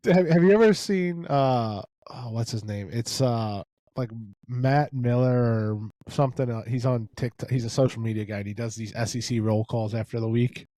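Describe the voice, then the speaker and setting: A man co-hosting a casual sports podcast, telling stories in a relaxed way. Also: mid-range voice, normal speed, dry recording. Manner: relaxed storytelling, laughs easily. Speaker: podcast co-host.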